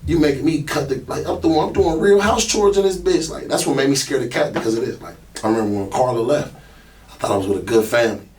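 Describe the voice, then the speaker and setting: A young man recounts his own hard upbringing, candid and emotional, with many filler words. His voice sits in an ordinary middle pitch. He sounds a little distant from the mic, with faint ambient noise behind him. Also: fast, a little mellow. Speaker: podcast host. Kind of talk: personal storytelling monologue.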